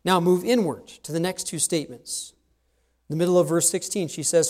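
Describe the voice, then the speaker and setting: A man's voice: a little high, brisk, darkish tone. A man preaching an expository sermon, conversational, explaining step by step and speeding up on asides.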